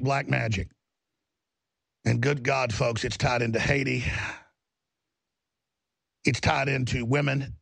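Gravelly, husky-voiced ranting male host. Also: mid-range voice, a bit bright, dry recording. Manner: fervent, ranting, emphatic repetition. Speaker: talk show host. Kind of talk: impassioned broadcast monologue.

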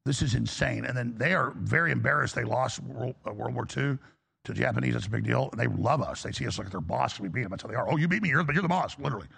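Male talk host, raspy gravelly voice, rambling, acts out quotes. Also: mid-range voice, quick pace, fairly bright tone. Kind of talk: call-in talk show.

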